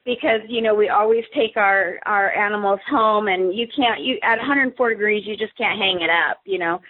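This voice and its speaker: A woman's voice: medium pitch, normal speed. Woman telling a story over a tinny phone. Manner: lively, acts out quoted dialogue. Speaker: guest. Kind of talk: casual storytelling.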